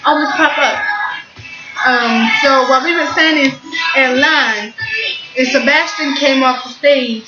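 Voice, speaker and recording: A teenage girl telling a rambling, excitable story with casual swearing. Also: high-pitched, a little slow, long pauses. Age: teens. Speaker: vlogger. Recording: echoey, muffled, loud music behind.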